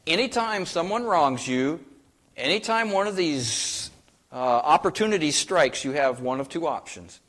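A man's voice: fairly high pitch, animated, measured pace, a bit bright. A man preaching a sermon. He speaks emphatically, asks his listeners many rhetorical questions, and quotes scripture in old-fashioned wording. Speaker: pastor.

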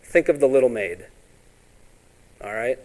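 A man preaching a sermon in a folksy way, often asking "all right?" and acting out Bible scenes in quick voices. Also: mid-range voice, lively intonation, darkish tone. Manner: ends points with "all right?".

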